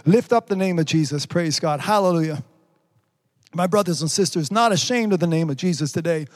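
Preaching fervently on a livestream, a high-voiced male pastor reads out comments from viewers and bursts into praise along the way.

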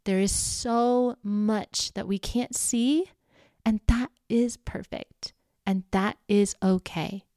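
Speaking slowly in a dark, medium-pitched voice, a young American podcast host gives a casual, animated monologue to her listeners, frequently laughing and swearing lightly. The clean studio recording is dry.

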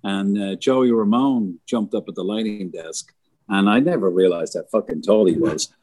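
A man's voice: lowish voice, moderate pace, a little mellow, breathy edge, no echo. A middle-aged man, a concert lighting designer, telling rambling backstage stories in casual conversation and swearing freely. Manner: rambling, swears freely, acts out others' lines.

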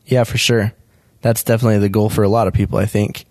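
Low-voiced male interviewer, dry sound. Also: flat delivery, fast, a little mellow, no room sound. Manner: brief, affirming questions. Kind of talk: conversational interview.

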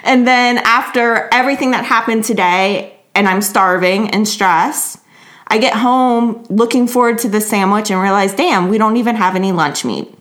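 A woman's voice: medium pitch, moderate pace, fairly bright tone, close to an everyday voice. A woman quoting a stressed, hungry husband. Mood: exasperated. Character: stressed, hungry tired husband after work.

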